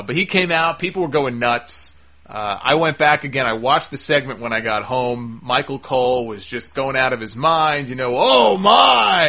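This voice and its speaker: A man's voice: on the high side, sharp tone. A man giving a casual, opinionated monologue reviewing a wrestling show, sarcastic and swearing freely.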